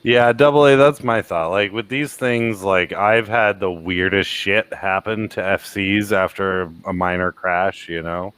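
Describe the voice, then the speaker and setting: A man's voice: deep voice, steady tone, measured pace, hardly any pauses, a bit bright, smooth, no echo. A man hosting a live stream, chatting casually and laid-back, swearing now and then. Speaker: streamer host. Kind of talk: casual chat.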